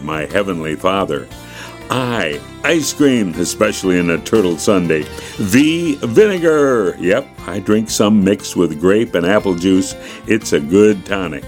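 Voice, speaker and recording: A man reading a devotional children's story in a folksy, earnest way and chatting about things he is thankful for. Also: sits low.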